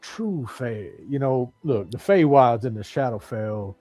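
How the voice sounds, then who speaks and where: A man's voice: medium pitch, expressive, unhurried, warm tone, faint music behind. A man playing a tabletop game in a casual, sarcastic way, swearing now and then. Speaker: player.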